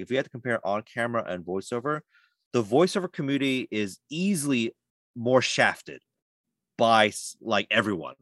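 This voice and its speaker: Animated male voice actor, dry sound. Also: medium pitch, dry recording. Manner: animated, lively storytelling with many fillers. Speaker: voice actor guest. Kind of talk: casual podcast interview.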